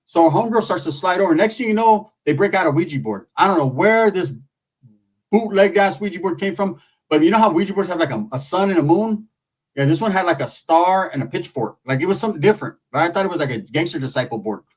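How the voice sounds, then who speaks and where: A man telling a story in a casual, slangy, profane way, animated throughout. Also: high voice, quick pace, breathy edge.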